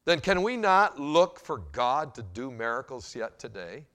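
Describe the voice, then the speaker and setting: A male pastor preaches and tells a story in an animated way, with a mid-pitched voice. His loudness rises and drops as he talks. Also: unhurried. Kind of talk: sermon with storytelling.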